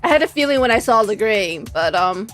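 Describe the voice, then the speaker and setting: A woman streamer playing a visual novel, reading the game's lines aloud and chatting with viewers in an animated, dramatic way. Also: fairly high pitch, a little fast. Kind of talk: reading game text aloud and reacting. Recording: faint game music behind.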